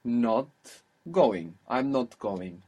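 A man's voice: mid-range voice, expressive, extremely slow, dark tone, husky, lo-fi sound. A man teaching a spoken language lesson, patiently prompting and praising his student.

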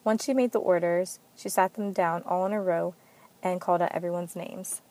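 A woman narrating an amateur story reading in a steady, plain manner. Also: lowish voice, normal speed.

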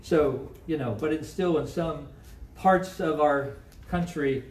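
Conversational Midwestern pastor preaching in an echoey church. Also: male voice, fairly high pitch, slow pace, darkish tone. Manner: conversational, asks the congregation questions. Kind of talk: sermon. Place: church sanctuary. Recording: echoey room, mic from a distance.

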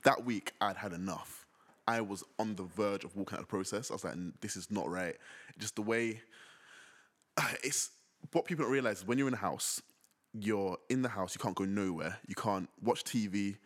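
A man's voice: on the low side, normal speed. A man with a London accent, a podcast guest who tells stories in casual chat and laughs often. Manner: laughs often, animated storytelling.

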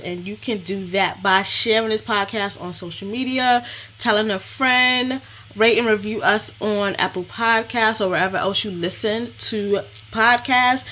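A woman co-hosting a podcast in casual chat, upbeat and quick to laugh, reading out supporter names. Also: medium pitch, pushed and bright, slight background noise. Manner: upbeat, laughs often, reads listener names. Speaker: podcast co-host.

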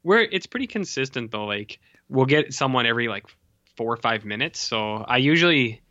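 Bright-voiced joking man, lo-fi. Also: medium pitch, animated, normal speed, no room sound. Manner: rambling, jokey, many fillers. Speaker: podcast co-host. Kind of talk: casual chat. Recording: dull lo-fi dry recording.

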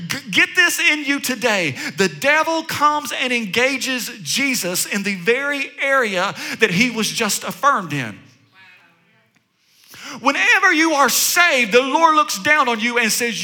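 A man's voice: very high-pitched, animated, a little slow, bright, forceful tone. A man preaching a sermon, repeating phrases rhythmically, calling out to his listeners and joking with them. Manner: rhythmic repetition, call-and-response exclamations, joking asides. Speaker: pastor.

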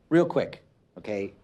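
A priest giving a sermon in a conversational way, dropping to quiet asides and building to emphatic, repeated points. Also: male voice, medium pitch, muffled recording. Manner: conversational preaching, swinging between soft asides and rising emphatic repetition.

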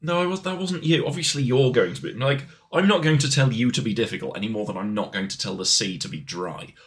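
A man's voice: mid-range voice, fast. A man co-hosting a podcast, bantering playfully and slipping into silly voices and bits. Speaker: podcast co-host. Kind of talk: casual banter.

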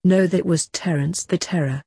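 A woman voicing a bold, stubborn male gentleman actor in a storybook reading, speaking slowly and wryly. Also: lowish voice, fairly even intonation, husky, no echo, clean studio sound. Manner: slow, wry.

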